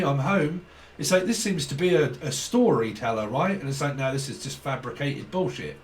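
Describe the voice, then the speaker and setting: A man's voice: medium pitch, distant mic, a little hiss or hum. A man giving a casual channelled tarot reading, rambling, swearing often and laughing between thoughts. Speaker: tarot reader.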